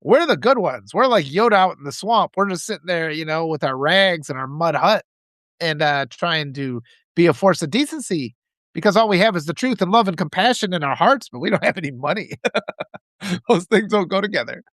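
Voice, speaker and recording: A man's voice: sits high, lively intonation, normal speed, fairly bright tone, no echo. A man hosting a live stream, giving impassioned political commentary and reading out viewer comments, with frequent restarts.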